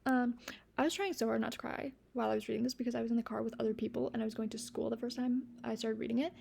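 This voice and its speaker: A young woman vlogging about books in a casual, gushing way, giggling often and sometimes dropping to a soft near-whisper. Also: a little high, steady tone, rapid-fire, creaky, breathy edge. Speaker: book vlogger. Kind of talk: casual chat to camera.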